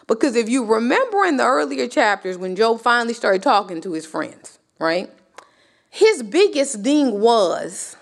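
A woman's voice: a little high, sing-song, slow pace, gravelly. A woman teaching a sermon in a conversational style, with rhetorical questions and passionate rises that climb to near cries. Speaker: Bible teacher.

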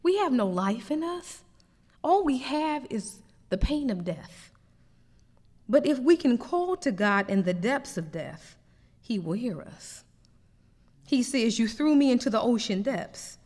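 A woman preaches a sermon. Her fairly high voice swings widely and climbs to emphatic peaks. The sound carries the long reverb of a large hall.

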